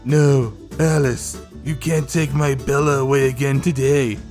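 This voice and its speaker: A man voicing a possessive, brooding young vampire man, speaking slowly and insistently in a fan story reading. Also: mid-range voice, fairly even intonation, a little mellow, soft background music, natural voice. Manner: slow, deliberate, insistent.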